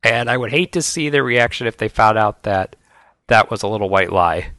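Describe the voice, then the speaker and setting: On a podcast, a male co-host with a lowish voice talks animatedly about cartoons, full of chatty, enthusiastic fan banter. He keeps a moderate pace, and his tone is bright and forceful. There's no room sound.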